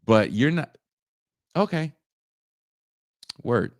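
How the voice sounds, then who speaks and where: A man on a podcast telling a story casually, animated and profane, often leaping up in pitch for emphasis. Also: very slow, no room sound, clean studio sound. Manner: animated, profane, jumps into high voices for emphasis.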